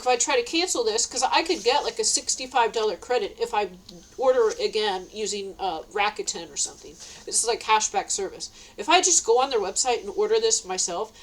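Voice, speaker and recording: Middle-aged woman, high-pitched, ranting vlog monologue, agitated and profane. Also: rough recording. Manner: agitated, swearing, rambling with restarts. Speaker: vlogger.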